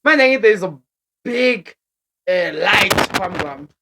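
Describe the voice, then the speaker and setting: A young woman with a South African accent telling a story for her vlog in a casual, animated way, laughing often and switching languages mid-sentence. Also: mid-range voice, a little slow, background noise. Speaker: vlogger.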